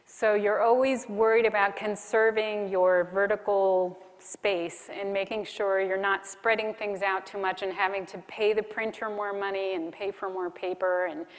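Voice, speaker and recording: A woman giving a friendly, practical conference keynote talk. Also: medium pitch. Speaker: keynote speaker. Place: conference hall. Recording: reverberant hall.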